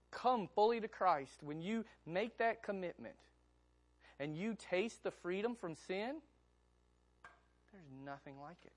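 Male pastor, slightly high, animated, chatty sermon delivery. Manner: conversational, animated, asks the congregation questions.

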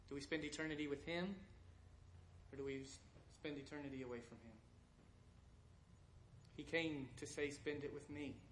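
A man preaching a sermon, shifting between loud proclamation and soft, hushed passages. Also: medium pitch, a little hiss or hum. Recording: echoey room with faint background ambience.

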